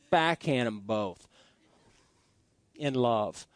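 Folksy high-voiced male pastor. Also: big pitch swings, unhurried, a bit bright, no echo. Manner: folksy storytelling with many restarts. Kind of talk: sermon.

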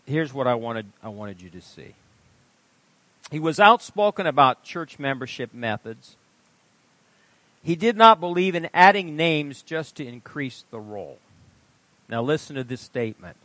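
A male pastor preaching at a midweek church service, reading passages aloud with emphasis and dropping into quiet offhand asides. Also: medium pitch, expressive, measured pace, long pauses, no room sound. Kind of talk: sermon reading aloud from a book.

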